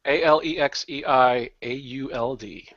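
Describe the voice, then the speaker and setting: A man's voice: medium pitch, unhurried, fairly bright tone, no room sound. A man presenting a casual chat who asks short questions and spells out words. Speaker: podcast presenter. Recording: dry, dull lo-fi podcast audio.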